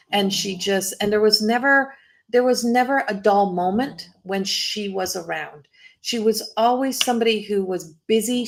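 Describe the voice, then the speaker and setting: A woman's voice: a little high, creaky. A woman doing a live psychic reading as a medium, talking in a rambling way, breaking off and restarting her sentences, and laughing often.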